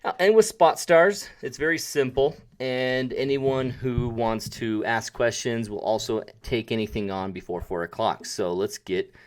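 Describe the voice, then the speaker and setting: A man's voice: medium pitch, a little slow, few pauses. A man hosting a live photography webinar, chatty and self-deprecating, with jokey asides and a voice that drifts toward and away from his desk mic. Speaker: webinar host and photography teacher. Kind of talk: casual live-stream tutorial. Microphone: desk mic, sometimes drifting off it.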